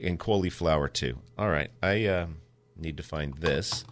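Deep-voiced, joking radio garden host. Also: male voice, measured pace. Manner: playful, joking. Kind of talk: casual radio chat.

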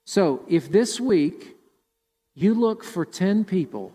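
A man's voice: sits high, expressive, slow, warm tone, big-room sound. A male pastor delivering a sermon emphatically, often repeating words as he preaches. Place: church sanctuary.

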